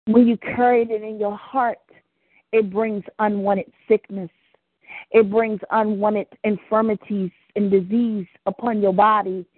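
A woman's voice: medium pitch, husky, no room sound. Fervent woman preaching over a phone line. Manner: fervent, rising into impassioned prayer. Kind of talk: preached prayer broadcast.

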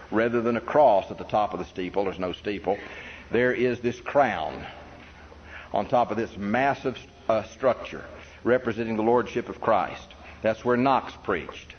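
A man preaching an earnest history sermon to a congregation, emphatic and posing rhetorical questions. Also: mid-range voice. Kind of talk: sermon lecture on church history. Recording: dull reverberant hall recording with faint noise.

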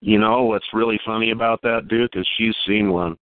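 A man calling in to tell a long personal story, halting and repeating words as he goes. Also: on the low side, fairly even intonation. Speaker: caller telling a Bigfoot encounter. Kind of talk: casual storytelling on a call. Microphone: phone. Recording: tinny dry phone line.

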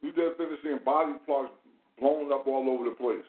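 A man hosting a casual commentary chat, animated and profane, full of rhetorical questions. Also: mid-range voice, a little fast. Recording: tinny phone-like sound in an echoey room.

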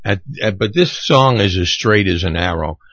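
A man hosting an oldies radio show, chatty and self-deprecating in an unhurried way. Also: deep voice, expressive, fairly bright tone, no echo. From United States. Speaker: radio host.

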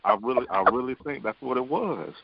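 A man's voice: medium pitch, animated, brisk, creaky, a crowd in the background. A man calling in to a radio show who agrees politely. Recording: muffled radio broadcast.

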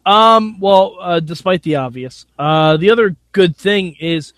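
A man co-hosting a wrestling podcast, excitable and goofy, laughing often. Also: sits high, unhurried, hardly any pauses, dry recording. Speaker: podcast co-host. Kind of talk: casual podcast chat.

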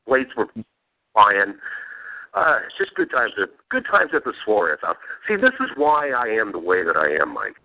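Male podcast host, lively swooping voice, profane, laughing storyteller, tinny phone-like sound. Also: on the low side, moderate pace. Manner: profane, laughing while telling stories. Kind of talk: casual storytelling chat.

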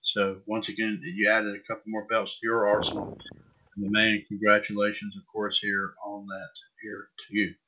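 A man's voice: fairly low pitch, completely flat delivery, normal speed, sharp tone, a little hiss or hum. A man co-hosting a wrestling podcast, chatting casually and stumbling over names. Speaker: podcast co-host. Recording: dull lo-fi sound.

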